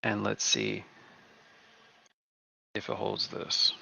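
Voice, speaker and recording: Talking slowly through a live trading session, this relaxed male host keeps repeating himself as he comments on the market. He has a somewhat low, very gravelly voice that's still bright and forceful. The sound is dry and dull with no room sound, like a lo-fi desk mic.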